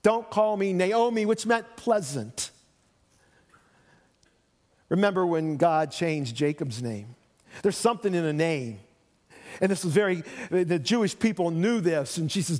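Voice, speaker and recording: A man's voice: fairly high pitch, normal speed, a little mellow. A man preaching a sermon, retelling a Bible story and acting out the voices of its people. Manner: storytelling, acts out voices of biblical figures. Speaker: pastor. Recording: long reverb of a church hall.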